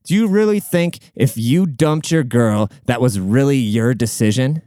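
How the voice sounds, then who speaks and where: Brief: young male host, blunt and profane, smooth voice, dry close sound. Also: mid-range voice, a little slow, warm tone, no room sound. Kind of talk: crude casual monologue.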